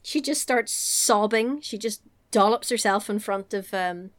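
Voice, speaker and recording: A woman hosting a casual chat, recapping a story in an animated, joking way and laughing often. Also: medium pitch, unhurried.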